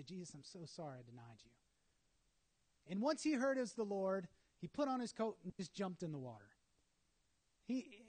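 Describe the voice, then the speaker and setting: High-voiced, animated male preacher. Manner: animated, dramatic storytelling with acted asides. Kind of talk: sermon.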